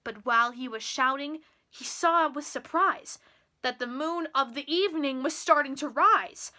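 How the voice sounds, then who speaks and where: A teenage girl reading a children's picture book aloud with slow, expressive delivery. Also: sits high. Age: teens. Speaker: storyteller.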